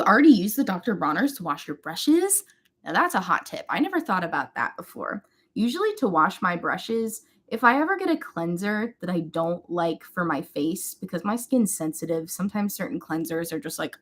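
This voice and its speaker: Young woman, beauty livestream host, chatty and rambling, casual. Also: mid-range voice. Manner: chatty, rambling, greets viewers by name. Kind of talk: casual chat while doing makeup.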